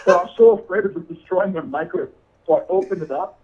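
A man's voice: high-pitched, fast, slightly rough, highs cut off. A man telling a funny story in casual chat, laughing often and saying "dude" a lot. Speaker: podcast guest.

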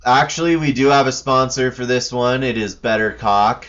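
A man's voice: mid-range voice, fairly bright tone, lo-fi sound. A man co-hosting a podcast, joking through a mock sponsor read. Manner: drawn-out, fake ad-read delivery. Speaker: podcast co-host. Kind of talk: crude casual banter.

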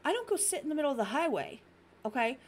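A middle-aged woman co-hosting a stream, telling blunt, animated stories in casual chat. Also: high-pitched, quick pace, heavy background noise. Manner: blunt, animated storyteller acting out her cat. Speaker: stream co-host.

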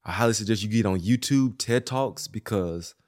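A man in his thirties from Mississippi, a former pro football player hosting a podcast and talking in a relaxed, matter-of-fact way with Southern slang. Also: lowish voice, moderate pace. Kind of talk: casual chat.

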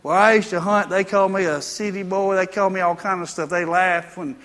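Folksy preacher, high bright voice. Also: male voice, fairly even intonation, brisk, in a large hall. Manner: folksy storytelling, rising to emphatic preaching. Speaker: pastor. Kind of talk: sermon.

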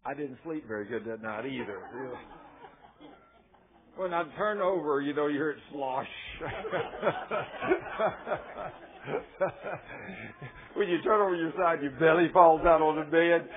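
Folksy preacher on tinny radio. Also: male voice, on the high side, a little slow. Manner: folksy, self-mocking, chuckling asides. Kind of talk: folksy sermon storytelling. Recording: tinny phone-like radio sound.

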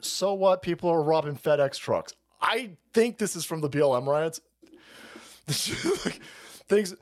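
A man hosting a stream, ranting profanely while reacting to videos, laughing often and breaking into mocking squeals. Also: high voice. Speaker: streamer host.

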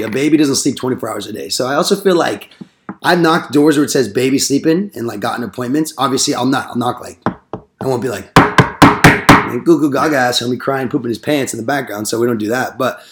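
A young man casually telling door-knocking stories, full of slang and swearing, acting out the people he quotes. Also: medium pitch. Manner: rambling storytelling with slang and swearing, acts out quotes. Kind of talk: casual podcast chat.

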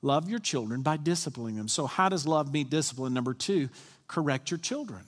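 A man's voice: fairly high pitch, expressive, fairly quick. A man preaching in a reverberant hall. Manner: conversational preaching, asks the congregation questions. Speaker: senior pastor. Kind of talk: sermon. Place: church sanctuary.

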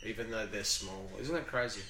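A man's voice: on the low side, brisk, pushed and bright, slight background noise. An Australian man co-hosting a podcast at home in casual, playful chat. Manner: playful, repeats words for laughs. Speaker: podcast co-host. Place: home with a veranda. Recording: echoey home room.

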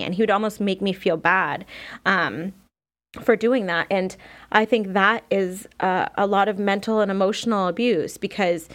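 A woman's voice: medium pitch, steady tone, moderate pace. A young woman hosting a podcast, talking candidly in a rambling personal monologue full of fillers and restarts. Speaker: podcast host.

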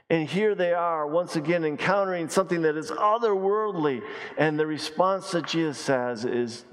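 Emphatic male pastor preaching in a hall. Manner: emphatic, repeats key phrases, slows and drops low for stress. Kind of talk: sermon. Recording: long reverb of a large hall.

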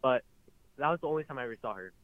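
A man's voice: medium pitch, animated, very fast, no echo. Stammering male caller on a phone line. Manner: hesitant, stammering, apologetic. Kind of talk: phone-in chat.

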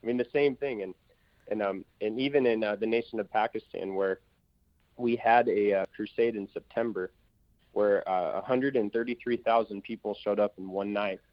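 A man's voice: lowish voice, fairly even intonation, dry recording, lo-fi sound. A man, an evangelist, telling testimony stories in an interview with emphatic energy and many fillers. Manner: emphatic, rapid-fire storytelling with fillers. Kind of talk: testimony in a talk-show interview.

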